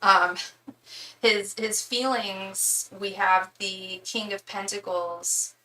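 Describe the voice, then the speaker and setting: A woman's voice: medium pitch, fairly even intonation, slow pace, pushed and bright, roomy sound, distant mic, a little hiss or hum, rough recording. A young woman giving a live tarot reading in a chatty way, full of fillers, restarts and calls of "girl". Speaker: tarot reader.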